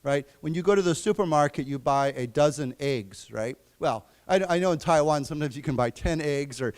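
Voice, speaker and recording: A man teaching a live English class, slowly explaining vocabulary and quizzing his students. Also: fairly high pitch, a little mellow, clear, resonant tone. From United States. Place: library lecture room.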